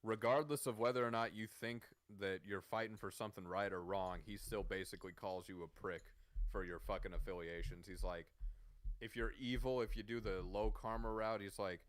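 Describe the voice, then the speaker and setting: A man's voice: lowish voice, normal speed, no room sound. Man, casual streamer chat, swearing, incredulous rant, dry close sound. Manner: profane, incredulous, animated ranting.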